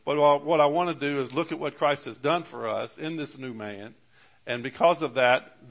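A man's voice: mid-range voice, a bit bright. A man preaching a sermon as pastor, with emphatic rises on key words and many fillers and restarts. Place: church.

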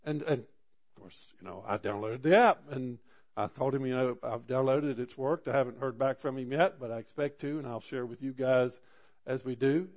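A man's voice: medium pitch, moderate pace, a little mellow. A man preaching a sermon. He tells a story in an earnest, conversational way and builds to fervent emphasis. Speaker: pastor.

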